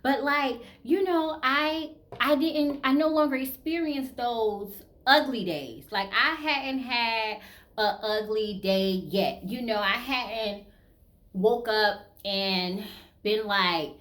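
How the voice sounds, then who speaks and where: A woman's voice: fairly high pitch, slow, fairly bright tone. A woman in her thirties from the American South with a Southern accent, talking candidly and casually to her viewers, full of "you know" and "like.". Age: 30s. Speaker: vlogger. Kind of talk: casual personal chat to camera.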